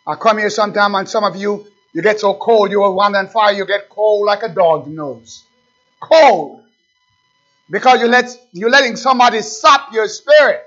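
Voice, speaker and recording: A man preaching a sermon as pastor, swinging from shouted exhortation to hushed pleading. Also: sits high. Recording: dull lo-fi recording.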